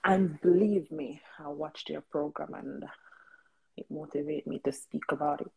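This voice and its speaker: Woman caller, hesitant and filler-heavy, very husky, gravelly. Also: low-pitched, moderate pace, warm tone, rough recording. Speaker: caller on a live stream. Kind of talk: personal testimony.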